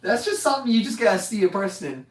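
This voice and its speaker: A woman's voice: medium pitch, big pitch swings, fast, slight background noise. A woman telling a funny family story in casual chat, joking and laughing as she goes. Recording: echoey room, mic far off.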